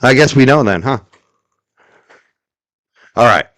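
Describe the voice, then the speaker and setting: Give me a man hosting a swearing, taunting commentary stream, with a lively, bouncing delivery. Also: medium pitch, slow pace, no echo, clean studio sound. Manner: taunting, repeats rhetorical questions, swears. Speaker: show host.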